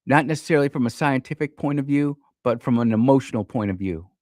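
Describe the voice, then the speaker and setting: A man's voice: mid-range voice, fast talker, darkish tone, dry recording. Fired-up male radio host, dry studio sound. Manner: fired-up, preachy, addresses listeners directly. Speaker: radio talk show host. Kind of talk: opinionated radio talk.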